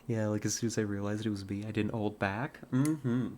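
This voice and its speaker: A woman's voice: extremely low pitch, fairly even intonation, moderate pace, dark tone, a little hiss or hum. A woman streamer chatting casually with her chat while playing a hunting game, rambling with many fillers and restarts.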